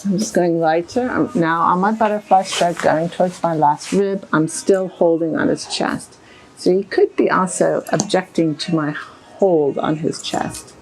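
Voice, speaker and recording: A woman's voice: fairly low pitch, measured pace, vocal fry, darkish tone, low-quality recording. A woman narrating a hands-on horse bodywork session as she does it, chatty and step by step. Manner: chatty, talks through each move as she works. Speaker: equine bodywork practitioner. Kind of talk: live narration of a hands-on technique. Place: with a horse, in a stable or yard. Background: faint music.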